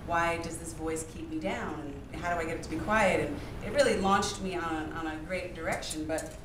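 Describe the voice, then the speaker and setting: A woman's voice: low voice, brisk, reverberant, distant mic, noisy background. A woman in the audience sharing her thoughts earnestly, thinking aloud as she searches for words. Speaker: audience member. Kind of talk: audience comment.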